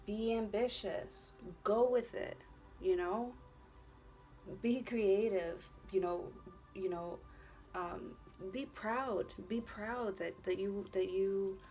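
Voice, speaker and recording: With a mid-range, darkish voice, a woman reads tarot casually for the camera. She talks directly to the viewer in an encouraging, earnest way, rambling and circling back over the same points, swearing freely and filling gaps with "you know" and other filler.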